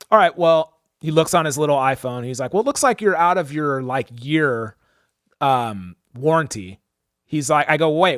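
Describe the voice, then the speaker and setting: A young man with a fairly high voice tells a story on a podcast, animated and casual, leaning on "like" and "dude". He acts out the people he talks about. The recording is dry and close, with no room sound. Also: dry recording. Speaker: podcast co-host.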